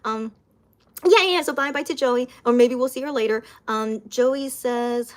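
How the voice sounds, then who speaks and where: A woman's voice: fairly high pitch, measured pace. Chatty young woman live-streaming. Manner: chatty, repeats words, laughs often, reads viewer comments aloud. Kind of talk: casual live-stream chat.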